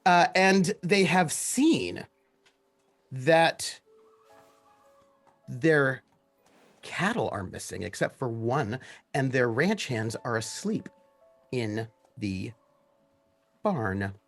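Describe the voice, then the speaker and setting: A man narrating and explaining rules as game master of a tabletop game, in a relaxed way with many pauses. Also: mid-range voice, soft background music.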